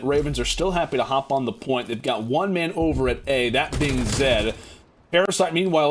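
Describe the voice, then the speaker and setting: A man's voice: on the high side, noisy background. A man casting an esports match, talking through the action in a chatty way with many fillers. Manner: chatty, filler-heavy analysis. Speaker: esports caster. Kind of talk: play-by-play commentary.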